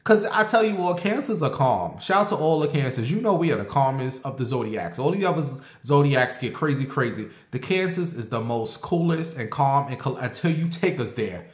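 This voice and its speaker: A man telling a story in a casual monologue to his viewers, animated and profane, addressing them directly. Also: medium pitch, brisk, hardly any pauses, reverberant.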